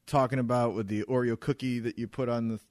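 A man in his thirties co-hosting a podcast, telling an animated, profane story about annoying customers. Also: mid-range voice, quick pace, dry recording, studio quality. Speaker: podcast co-host.

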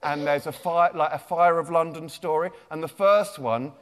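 A high-voiced man talks in a jokey, chatty way to a young crowd. He is a children's author giving a live comic talk. His voice rings out with a long reverb in a big lecture theatre. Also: fairly even intonation, normal speed, fairly bright tone.

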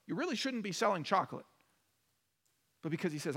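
A male pastor preaching a sermon with animated delivery, acting out the voices in his stories. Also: high-pitched, brisk, gravelly, pauses often, slightly rough. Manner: animated, acts out quoted voices in a story. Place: church sanctuary. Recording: long church hall reverb.

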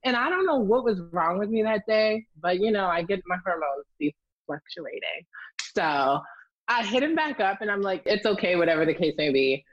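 A young woman telling a candid, profane story in a casual chat, lively and blunt. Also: medium pitch, normal speed, no echo, highs cut off. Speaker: storyteller guest.

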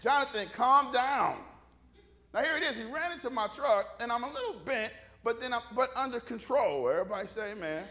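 A man's voice: extremely high pitch, expressive, fast, hardly any pauses, a bit bright. A middle-aged male pastor, preaching a folksy sermon full of stories and calls for amens. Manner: folksy storytelling with call-and-response.

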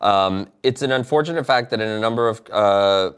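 A man co-hosting a casual podcast, reading out talking points haltingly with lots of fillers. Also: on the low side, a bit bright, smooth. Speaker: podcast co-host. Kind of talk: casual chat, reading news items.

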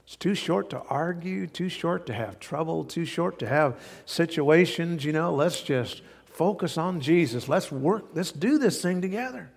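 Gravelly man preaching in a reverberant hall. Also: on the high side, lively intonation, unhurried, hardly any pauses. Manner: earnest, repetitive emphasis with folksy anecdotes. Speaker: pastor. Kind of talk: sermon. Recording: long reverb of a large hall.

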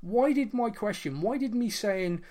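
A man's voice: high voice, lively intonation, moderate pace, mellow. A man in his late thirties, co-hosting a podcast and telling a personal story in an earnest, reflective way, with many fillers and restarts. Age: 30s. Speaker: podcast co-host. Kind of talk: casual podcast chat.

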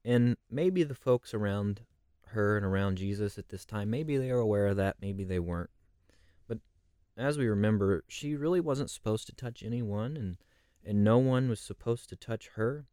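A man's voice: on the low side, moderate pace, mellow, clear, resonant tone, no room sound, studio quality. A man leading a conversational Bible study, reflective and posing rhetorical questions.

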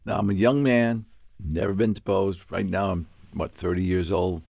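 An older man from Puerto Rico, telling a business story in an interview, acting out the dialogue with sudden high outbursts. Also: steady tone, normal speed, vocal fry, darkish tone, dry recording, studio quality. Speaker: guest.

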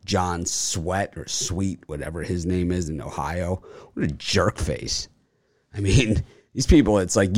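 A man with a lowish voice, recorded dry and close, as he talks through a casual show segment. He rambles with lots of fillers and tends to boast. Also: unhurried, darkish tone, no room sound. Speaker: sports betting show host. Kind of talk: casual chat.

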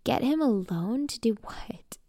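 A wry, curious teenage best friend, read by a woman in her own voice. Her tone is gravelly, with dry sound. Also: on the high side, animated, a little slow, warm tone, no echo.

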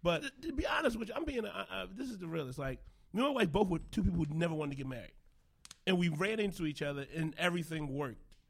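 Comedian guest, young male, quick and gravelly, blunt and profane. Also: high-pitched, lively intonation. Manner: blunt, profane, laughing storyteller. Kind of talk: casual chat.

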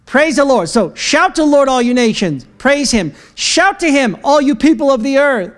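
A man preaching a sermon to a church congregation, energetic and joking, breaking into shouted praise. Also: extremely high pitch, normal speed. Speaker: pastor. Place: church sanctuary.

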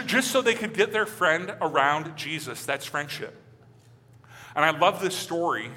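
A male pastor preaches with a high, bright, ringing voice, his words trailing off into the long reverb of a church sanctuary. He talks to the congregation in a casual, joking way and builds to fervent, repeated declarations. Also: a little hiss or hum. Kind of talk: sermon.

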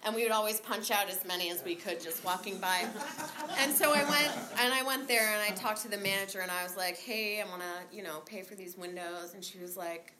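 A woman telling her recovery story in a candid, rambling way, swearing freely, laughing often and filling pauses with um and like. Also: mid-range voice, pushed and bright. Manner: rambling with many fillers. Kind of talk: casual spoken recovery story.

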